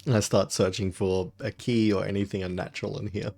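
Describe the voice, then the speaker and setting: Guy mumbling his moves quick, super dry close sound. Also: fairly low pitch, fairly even intonation, creaky, warm tone, no echo. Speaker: player. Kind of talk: tabletop game play.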